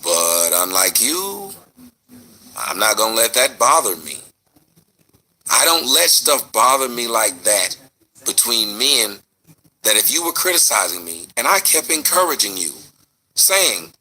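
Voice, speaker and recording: A man hosting his online show, answering a critic in an animated, rhetorical commentary rant. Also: medium pitch, normal speed, gravelly, a little hiss or hum. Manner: animated, rhetorical, mocking retorts.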